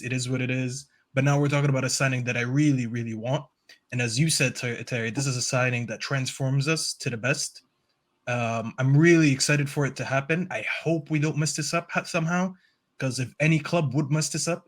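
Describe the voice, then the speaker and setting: A man's voice: mid-range voice, fairly bright tone. A man with an ordinary mid-range voice talks as a football fan on a panel. He speaks earnestly, rambling a little and stopping often to find his words. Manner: earnest, rambling, lots of "um" fillers. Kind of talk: casual panel chat.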